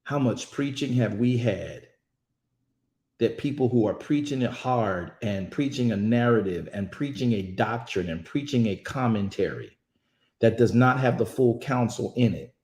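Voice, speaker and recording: A man's voice: medium pitch, expressive, measured pace, darkish tone. Emphatic preaching man, echoey room. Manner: preachy, emphatic, addresses listeners as y'all. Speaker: Bible study host. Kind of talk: online Bible study talk.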